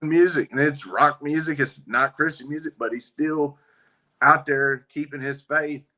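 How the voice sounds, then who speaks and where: A man's voice: fairly high pitch, normal speed. A man, a guest on a faith interview show, telling a story in a casual, folksy way and acting out the dialogue. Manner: folksy, relaxed, acts out quoted dialogue. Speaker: guest, biker ministry member.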